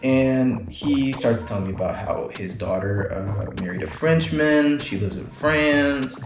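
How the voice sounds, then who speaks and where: A man's voice: mid-range voice, lively intonation, a little slow. A man talking casually to camera in a loose, rambling way, telling a story with lots of fillers and restarts. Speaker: vlogger. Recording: roomy echo, faint music behind.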